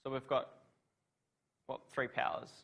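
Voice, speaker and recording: A man's voice: mid-range voice, completely flat delivery, measured pace, creaky, slightly rough, dull audio. A man giving a university revision lecture on law, asking students questions and praising their answers.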